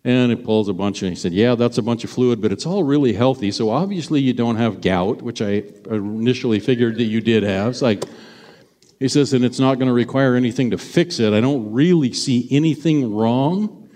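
A man's voice: mid-range voice, normal speed, warm tone. Chatty male pastor in a reverberant hall. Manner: chatty, storytelling, with sudden bursts of emphasis. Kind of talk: sermon. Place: church sanctuary.

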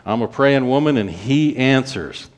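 Man, preacher, folksy storytelling, mid-pitched voice. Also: expressive. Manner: folksy storyteller retelling a woman's testimony, quick runs slowing for emphasis. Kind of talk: storytelling sermon.

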